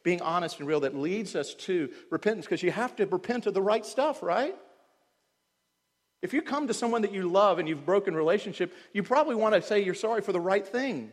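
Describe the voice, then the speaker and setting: A male pastor preaching a sermon in earnest, dropping to quiet tones and then rising loud, often putting questions to the congregation. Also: high-pitched, lively intonation, fairly quick. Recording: long hall reverb.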